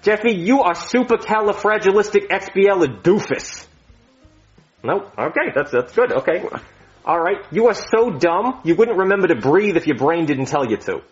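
A man's voice: fairly high pitch, sing-song, normal speed, soft background music. A man playing a boastful, blustery therapist in a comedy skit. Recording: dull lo-fi sound.

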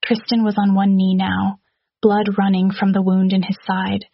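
A woman reading a romantic fantasy story aloud in a steady, even narration, with hushed dialogue. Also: mid-range voice, normal speed, gravelly, dry recording, muffled recording. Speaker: audiobook narrator. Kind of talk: scripted narration.

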